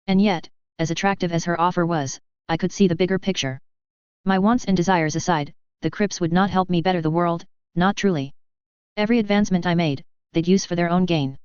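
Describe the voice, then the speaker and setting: Brief: woman storyteller, lowish pitch, lo-fi dull recording, steady narration. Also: brisk, smooth, no room sound. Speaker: reader. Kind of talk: audiobook reading of fan fiction.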